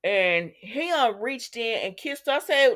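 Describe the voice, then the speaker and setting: A woman hosting a casual soap opera recap, chatting to her viewers in an animated, storytelling way. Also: on the high side, measured pace. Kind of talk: casual commentary.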